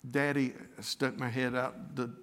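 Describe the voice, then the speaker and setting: An older man preaching a sermon, moving from a tender, emotional story to fervent appeals to the congregation. His voice sits at an ordinary middle pitch and carries a long reverb, as if it were filling a large hall. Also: flat delivery, moderate pace, fairly bright tone.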